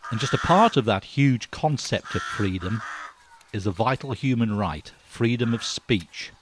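A man's voice: medium pitch, lively intonation, a little slow, noisy background. Wry older man grumbling. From Britain. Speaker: vlogger. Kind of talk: opinion monologue.

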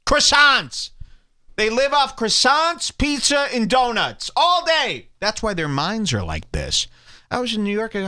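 A man with a high, bright voice rants through a comedy podcast, swooping wildly up and down as he mocks and insults people in the clips he plays. His tone stays sarcastic and cutting throughout. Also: sing-song, moderate pace. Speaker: podcast host. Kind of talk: ranting comedy commentary over clips.

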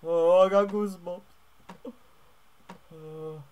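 A young man playing a stealth game and commenting as he goes, jumping between hushed muttering and loud yelps and tacking "mate" onto his lines. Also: high voice, slow, muffled recording. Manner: excitable, swings from hushed muttering to yelling, keeps adding "mate". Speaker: gaming YouTuber. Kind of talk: let's play commentary.

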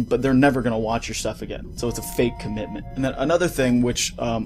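A man's voice: medium pitch, darkish tone. A man ranting in a casual vlog on a studio mic with a pop filter, heated, profane and rambling. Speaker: gaming YouTuber. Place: home recording setup.

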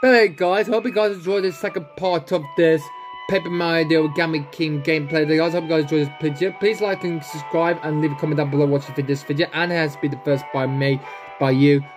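A man's voice: a little high, steady tone, fast talker, over music. A man hosting a gaming channel, rambling casually through gameplay and chatting to viewers. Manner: rambling, reads game text aloud and chats to viewers.

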